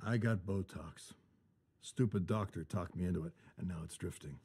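A man's voice: sits low, moderate pace, warm tone, husky. An actor playing a blunt, grumbling older grandfather in a sitcom. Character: gruff grumpy grandfather in a sitcom.

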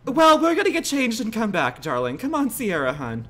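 A man voicing a flamboyant old lady in a game role-play who calls everyone darling and swears in loud outbursts. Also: sits high, huge pitch swings, moderate pace, heavily acted. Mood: fussy. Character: flamboyant old lady, dramatic and foul-mouthed.

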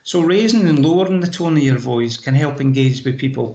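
A man's voice: mid-range voice, a little fast, creaky, few pauses, darkish tone, echoey room, muffled recording. A man with a Scottish accent giving practical, anecdotal tips in an online training session over a laptop video call. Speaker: presentation skills trainer. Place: home room. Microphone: laptop microphone on a video call.

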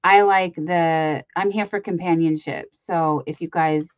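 A woman's voice: low voice, fairly even intonation, unhurried, smooth, no room sound, highs cut off. A woman hosting a casual craft livestream, chatting to viewers in a rambling way with many ums and restarts, sometimes cooing baby talk to her dogs. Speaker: livestream host.

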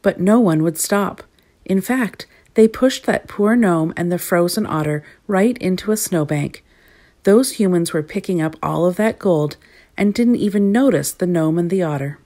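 A woman reading a children's story aloud in an expressive storybook cadence. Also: lowish voice, moderate pace.

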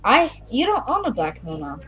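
A woman's voice: on the high side, huge pitch swings, normal speed, a bit bright. A young woman casually chatting while she plays a game, playful and silly, narrating her own moves. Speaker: channel host playing a game. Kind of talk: casual gameplay chat.

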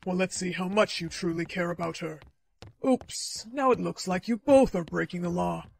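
A man playing a ruthless, controlling father in a short skit, with a cold, lecturing manner and a raspy voice. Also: high-pitched, moderate pace, slight background noise. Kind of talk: short-video skit acting.

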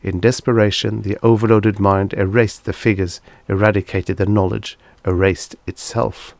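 A man narrating a vintage science fiction audiobook in a measured, deliberate reading. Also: on the low side, flat delivery, creaky, dry recording. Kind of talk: scripted narration.

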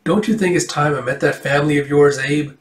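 A man's voice: fairly high pitch, fairly even intonation, brisk, lightly acted. A man voicing a teasing, flirtatious small-town waitress in a raised voice. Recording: roomy, distant mic.

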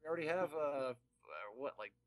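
Laughing animated man chatting. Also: a little high, no room sound. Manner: animated, laughing, quick asides. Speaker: band member guest. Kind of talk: casual podcast chat.

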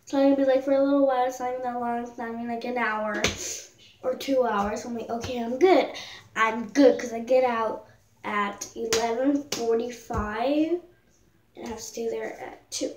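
A woman's voice: fairly high pitch, fairly even intonation, normal speed, distant mic, noisy background. A teenage girl telling a story in a casual, rambling vlog, full of fillers and little jokes. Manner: rambling, filler-heavy, jokey. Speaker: vlogger. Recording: echoey room, voice a bit off-mic.

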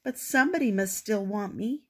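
Grandma doing a plucky little valentine card. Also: female voice, normal speed, slightly rough, close to an everyday voice. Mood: forlorn. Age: older. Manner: high, earnest, wailing. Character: hopeful young male valentine card, plucky.

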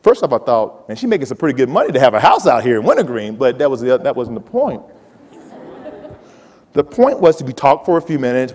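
A man in his forties giving a playful, animated motivational talk to students and calling out to the audience. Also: medium pitch, fast talker. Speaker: college president giving a talk. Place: large hall with a live audience. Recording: hall reverb.

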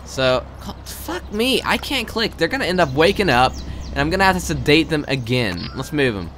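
Excitable, swearing young man commenting on gameplay. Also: fairly high pitch, moderate pace, slight background noise. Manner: excitable, swears a lot, jumps between loud outbursts and mumbling. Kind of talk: live game commentary.

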